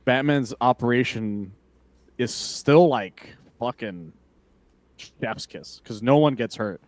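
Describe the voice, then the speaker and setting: A man talking casually on a podcast in a dry, close sound. He is animated and loose, swears freely and acts out bits of dialogue between laughs. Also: mid-range voice, slow, no echo. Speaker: podcast co-host. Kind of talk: casual comic book discussion.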